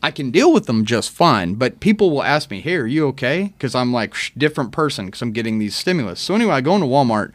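A man, an army veteran and guest on a podcast, telling stories in a casual chat with animated, profane delivery. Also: medium pitch, fast, hardly any pauses, no room sound.

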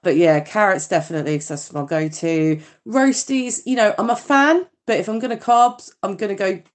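A woman's voice: medium pitch, normal speed. A British woman leaving a chatty voice message, rambling and swearing and laughing at her own slips. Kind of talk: casual voice note.

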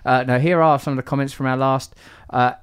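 A man's voice: medium pitch, steady tone, fairly quick, smooth, no room sound, studio quality. A man hosting a podcast, teasing and rambling through asides between introductions. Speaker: podcast host. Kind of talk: playful podcast intro and banter.

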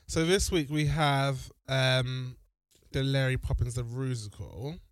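A man's voice: medium pitch, steady tone, takes it slowly, dry recording. Man, podcast co-host, mid-range voice, dry teasing humor, close dry mic. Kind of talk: casual recap chat.

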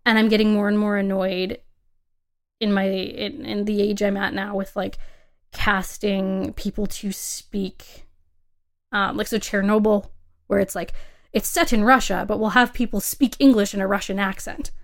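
Chatty woman podcast host with gravelly edges. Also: medium pitch, little pitch movement, normal speed. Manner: chatty, laughs often, emphatic. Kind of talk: casual film podcast chat.

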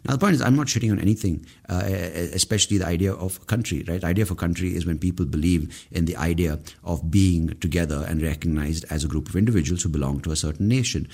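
A man delivers a solo podcast rant. His voice sits extremely low, almost rumbling. He swears freely and sounds fed up. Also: fast, hardly any pauses, darkish tone, husky. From India. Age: 30s. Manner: profane, exasperated, ranting. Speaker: podcast host.

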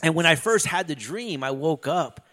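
A man's voice: on the high side, animated, moderate pace, pushed and bright. A middle-aged man in a casual chat, telling a long story loosely, with lots of fillers and swearing.

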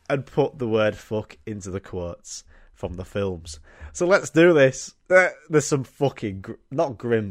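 An excitable young man hosts a comedy podcast, swearing freely and laughing at his own jokes. His voice sits at an everyday middle pitch. The sound is close and dry, with no room around it. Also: no room sound. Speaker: podcast host. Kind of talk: casual comedic monologue.

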